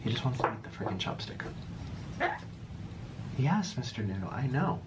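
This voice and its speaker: A man's voice: mid-range voice, big pitch swings, moderate pace, pauses often. A man chatting through an eating video, cooing and talking baby-talk to a pet. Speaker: mukbang eater. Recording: noisy clip played back.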